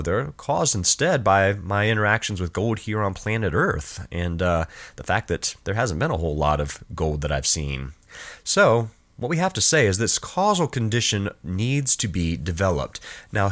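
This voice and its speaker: Deep-voiced man giving a lively philosophy lecture. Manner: explanatory, rhetorical questions, stresses key words. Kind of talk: recorded lecture with slides.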